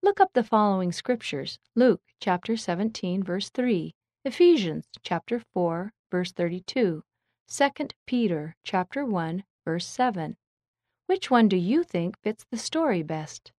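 A woman reading a children's story aloud with clear, measured narration. Her voice sits in an ordinary middle range, recorded close and dry with no room echo. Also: medium pitch, expressive, darkish tone.

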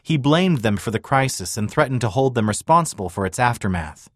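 A man narrating a scripted historical story in an even, measured way. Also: mid-range voice, no echo, clean studio sound.

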